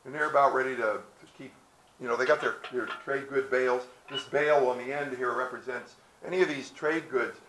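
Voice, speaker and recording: A man tells a story to a small audience, slipping into the voices of his characters. His pitch sits in the middle. The sound is roomy, with faint outdoor ambience behind him. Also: fairly even intonation, fairly quick, fairly bright tone, slight background noise. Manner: storytelling, folksy, acts out characters with hesitations. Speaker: presenter. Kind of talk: outdoor history talk to visitors. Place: outdoors at a historic site.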